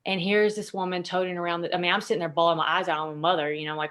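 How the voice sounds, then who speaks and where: Low-voiced woman, candid podcast guest. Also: normal speed. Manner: emotional, swears freely, many fillers. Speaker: podcast guest, intuitive consultant. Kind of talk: candid conversational storytelling.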